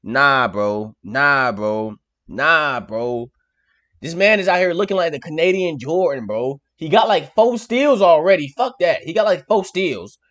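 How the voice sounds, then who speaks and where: A young man hosting a reaction video, talking in an excitable, slangy way and laughing often. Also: high-pitched, normal speed, hardly any pauses. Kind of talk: casual reaction commentary.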